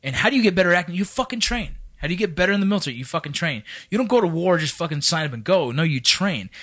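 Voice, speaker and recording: A man's voice: high voice, expressive, very fast, a bit bright. A man who is a military veteran, talking in a casual podcast conversation in a profane, emphatic, fired-up way.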